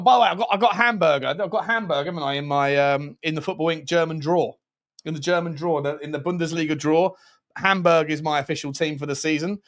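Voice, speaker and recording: A man hosts a casual football livestream. He talks in a rambling, joking way and keeps restarting his sentences. His voice sits somewhat higher than most men's. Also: a bit bright. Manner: rambling and jokey, lots of restarts. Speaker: football channel host.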